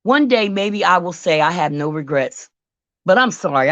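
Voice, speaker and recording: A woman hosting a casual live-stream chat, sassy and drawn-out, talking back to her chat. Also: fairly low pitch, expressive, a bit bright, no room sound, lo-fi sound. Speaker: host.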